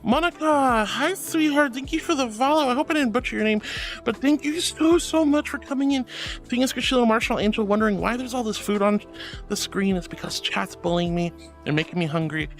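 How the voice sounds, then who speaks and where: A man's voice: extremely high pitch, a little fast, soft background music. A man streaming live, reading chat aloud and chatting casually, affectionate and giggly, calling his viewers sweetheart and darling.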